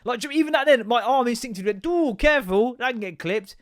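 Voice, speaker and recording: A man's voice: very high voice, animated, fast talker, a bit bright. A man hosting a podcast, ranting in casual chat, sweary, sarcastic and exasperated. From England. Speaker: podcast host.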